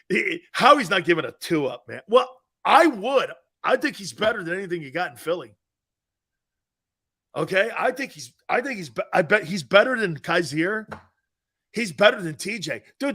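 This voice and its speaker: Brash animated sports talk host. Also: male voice, high-pitched. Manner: brash, loud, laughs often, swears, answers chat comments. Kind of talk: casual sports radio chat.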